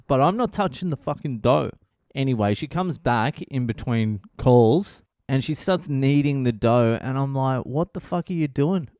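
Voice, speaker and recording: A tired man rambles through a story on his solo podcast, swearing at every turn and sounding exasperated. His voice sits in an ordinary middle pitch. The recording is dry and close, with no room sound. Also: a little mellow, no echo. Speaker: podcast host, comedian. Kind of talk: casual solo monologue.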